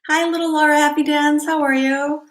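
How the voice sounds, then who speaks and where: A woman chats on a casual livestream, her voice sitting a little high. She is out of breath and keeps stopping to repeat herself and ask whether her viewers can hear her. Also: little pitch movement, fairly quick. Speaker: psychic livestream host.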